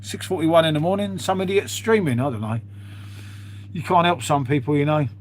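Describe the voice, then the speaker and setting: A man's voice: fairly high pitch, a little fast. A man chatting casually with viewers on an early-morning live stream, swearing freely and calling everyone mate.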